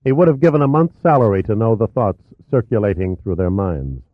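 A man reading a novel aloud as an audiobook narrator, in a steady, even way. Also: lowish voice, a little fast, husky, dry recording. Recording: tinny narrow-band audio.

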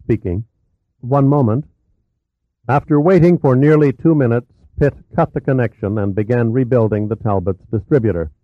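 A man narrating a thriller audiobook in an even, measured storytelling manner. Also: mid-range voice, dry recording. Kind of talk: scripted narration. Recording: tinny phone-like, dry.

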